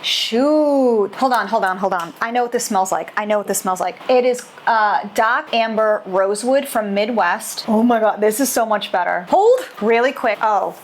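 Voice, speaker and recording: A woman's voice: mid-range voice, normal speed, few pauses, slight background noise. A woman in her adult years giving a casual, enthusiastic product review as a candle maker, exclaiming often as she talks.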